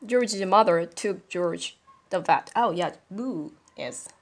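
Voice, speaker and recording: A woman, an English teacher reading a children's story aloud and explaining words in a chatty, animated way. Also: fairly low pitch, slow. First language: Korean. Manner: animated, chatty, laughs often.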